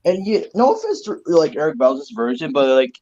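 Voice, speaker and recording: A man co-hosting a casual online fan discussion, animated and eager to add trivia. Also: on the high side, fairly quick, dull audio. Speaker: co-host.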